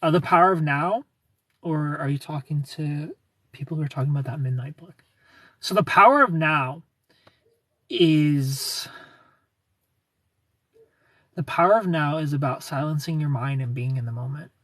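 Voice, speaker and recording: A man in his thirties chats casually on a livestream, answering viewers as he goes. His voice is husky and a bit breathy and sits a little higher than most men's. He rambles, restarts his sentences and chuckles often, and he sounds slightly back from the phone mic in a dry space. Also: moderate pace, pauses often, a bit bright, dry recording, distant mic.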